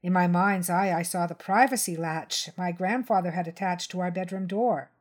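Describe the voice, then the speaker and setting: A woman reading a crime short story aloud in first person, steady and tense. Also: on the low side, normal speed. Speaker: story reader.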